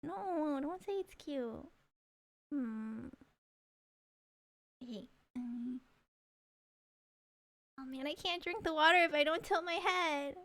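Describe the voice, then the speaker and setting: A woman's voice: high-pitched, takes it slowly, long pauses, a bit bright. A woman streaming a game live, chatting playfully and giggling with viewers while reading the game's lines. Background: game music.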